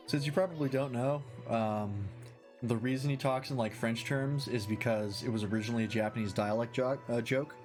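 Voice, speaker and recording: A man's voice: mid-range voice, a little fast, a little mellow. A man streaming a game, making chatty, rambling asides. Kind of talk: casual gameplay commentary. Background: game music.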